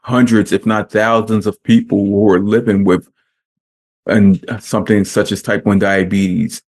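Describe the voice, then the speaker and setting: A man hosting a podcast interview, speaking in an earnest, measured way. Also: lowish voice, flat delivery, a little mellow. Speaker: podcast host. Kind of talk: casual interview.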